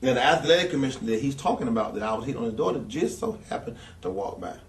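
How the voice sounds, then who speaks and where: A former wrestler in an interview, telling stories in a blunt, angry and heavily profane rant. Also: male voice, mid-range voice, animated, rapid-fire. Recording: echoey room, speaker far from mic.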